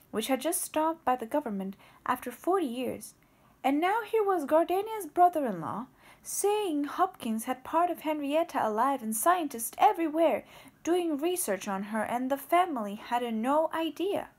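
A woman narrating an audiobook, reading expressively and voicing the characters. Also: high-pitched. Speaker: audiobook reader.

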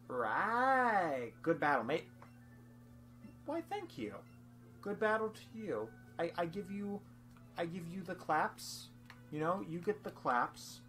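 A woman's voice: lowish voice, sing-song, takes it slowly, fairly bright tone. A young woman doing goofy, rambling let's-play commentary with frequent laughs, over faint game music. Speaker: game streamer.

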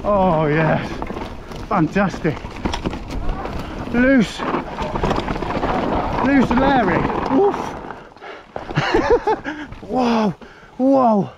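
A man's voice: very high voice, big pitch swings, very slow, pauses often. A man filming his mountain bike ride on a helmet camera, exclaiming and laughing as he goes. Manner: exclaiming and laughing, breathless bursts. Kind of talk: excited ride commentary. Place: outdoors on a wooded hill trail. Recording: muffled helmet-cam audio with wind and trail noise.

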